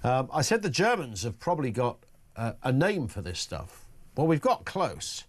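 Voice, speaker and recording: A middle-aged talk radio host speaks at normal speed in a mid-range voice with huge pitch swings. His rambling, opinionated monologue is full of jokey, sardonic asides.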